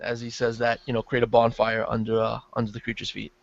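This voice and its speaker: A man's voice: medium pitch, completely flat delivery, quick pace, vocal fry, hardly any pauses, dry recording. A man playing a tabletop game, describing his moves hesitantly. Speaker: player. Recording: dry, muffled lo-fi audio.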